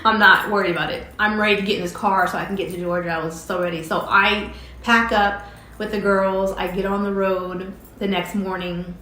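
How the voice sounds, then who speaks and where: A woman's voice: mid-range voice, fairly even intonation, brisk, pushed and bright, a little hiss or hum. Chatty woman telling a story in a roomy space. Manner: chatty, recounts conversations with frequent "I'm like" and laughs. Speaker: host telling a personal story. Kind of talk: casual personal storytelling. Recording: roomy echo with faint ambience.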